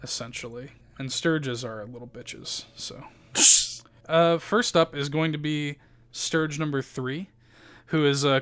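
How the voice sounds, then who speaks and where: A man's voice: mid-range voice, fairly bright tone, smooth. A man running a tabletop game as game master, narrating loosely with many fillers and casual swearing.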